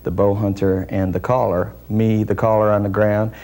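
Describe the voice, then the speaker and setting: A man being interviewed as a deer calling expert, explaining in a measured, technical way with frequent pauses and hesitations. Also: lowish voice, little pitch movement, dark tone.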